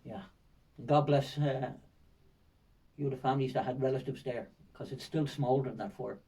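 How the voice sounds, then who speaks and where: An older man with a Dublin accent tells vivid, winding stories as a podcast guest, looping back with fillers and repeated words. His voice is dark and mellow. He sits a little away from the microphone. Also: mid-range voice, fairly even intonation, moderate pace, husky, far from the mic, low-quality recording. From Ireland. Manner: rambling, vivid storytelling with frequent fillers and repetitions. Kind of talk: storytelling in a podcast interview.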